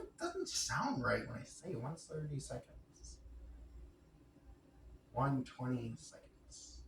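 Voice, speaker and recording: A man's voice: mid-range voice, very animated, takes it slowly, pauses often, far from the mic. A man thinking aloud to himself, muttering and repeating words as he works something out. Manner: muttering and repeating, unsure, working out fractions aloud. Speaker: vlogger. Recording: echoey room, off-mic, noisy background.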